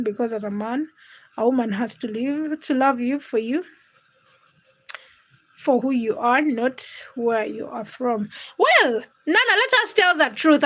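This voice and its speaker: A woman's voice: a little high, poor audio. A woman hosting a casual livestream from her home kitchen, reading viewer comments and teasing her chat while she cooks. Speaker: livestream host.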